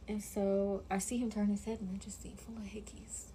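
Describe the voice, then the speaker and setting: A woman's voice: mid-range voice, fairly even intonation, fairly quick, warm tone, a little hiss or hum. A woman telling a personal story in casual chat, full of fillers, often dropping to a whisper when she quotes someone. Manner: chatty, full of "like", drops to a whisper when quoting.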